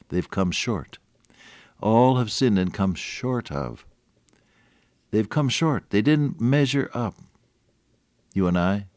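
Male radio preacher, deep voice, dry close mic, storytelling sermon with emphatic build-ups. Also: darkish tone, dry recording. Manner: earnest, rises to emphatic peaks; conversational, with chuckles and restarts.

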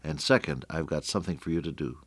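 An older man preaching a radio sermon, earnest, often slowing and dropping to a near-whisper for emphasis. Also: extremely low pitch, no room sound.

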